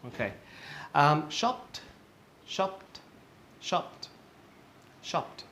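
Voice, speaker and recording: Slow, patient male English teacher. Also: fairly high pitch, big pitch swings, a bit bright, a little hiss or hum. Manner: patient, repeats each word slowly for learners; frequent fillers and self-corrections. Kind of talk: online pronunciation lesson.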